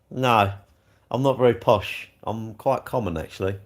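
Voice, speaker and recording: A man's voice: fairly low pitch, slow pace, long pauses. A man, hosting a live stream and rambling jokily as he answers viewers' comments. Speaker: livestream host reading chat. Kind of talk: casual live chat.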